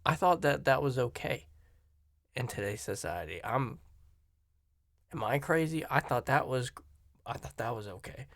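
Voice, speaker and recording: Gravelly-voiced American man rambling casually. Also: mid-range voice, lively intonation, normal speed, pauses often, fairly bright tone, no room sound, clean studio sound. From Virginia and Florida, USA. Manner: opinionated, rambling, self-interrupting.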